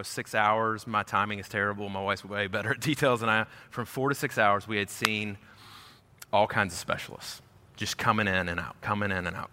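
A man preaching as a pastor, telling a personal story in an animated way and acting out the voices of the people in it. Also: on the low side. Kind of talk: storytelling sermon. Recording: echoey hall.

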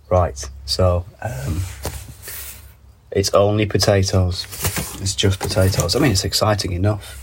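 Sick with a cold, this man hosts his podcast from a greenhouse via phone, delivering a casual, rambling monologue full of wry asides and reading labels aloud. He speaks slowly in a low, fairly even voice over background noise.

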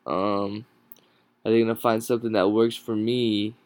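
Tired, halting man hosting a podcast. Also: fairly low pitch, little pitch movement, a little mellow, no echo. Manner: halting, many ums and restarts, tired and yawning. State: exhausted, sleep-deprived. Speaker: podcast host. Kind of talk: casual solo podcast talk. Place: at home. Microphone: no proper microphone, home recording.

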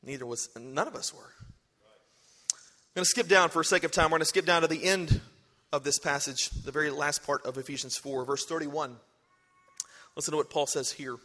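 A man's voice: a little high, moderate pace, pauses often, sharp tone, long reverb tail. A man preaching a sermon to a large church congregation, moving from conversational talk into emphatic exhortation. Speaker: pastor.

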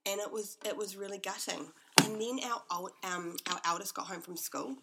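A woman's voice: medium pitch, normal speed, vocal fry, heavy background noise. A woman hosting her own podcast from her home kitchen, talking candidly and heartfelt, rambling with lots of "like.". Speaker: podcast host. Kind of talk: candid personal monologue. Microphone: podcast microphone.

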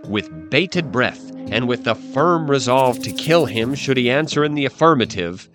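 A male storyteller works through a dark historical account in a scripted narration. His mid-range voice moves up and down expressively and lends the telling a dramatic edge. Soft music plays faintly behind him. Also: medium pitch, expressive, moderate pace. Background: faint background music.

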